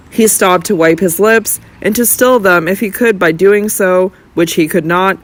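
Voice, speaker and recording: Audiobook reader going nice and slow through an old novel, steady and dramatic. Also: mid-range voice. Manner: slow, measured, dramatic reading. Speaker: audiobook narrator. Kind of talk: scripted narration of a classic novel.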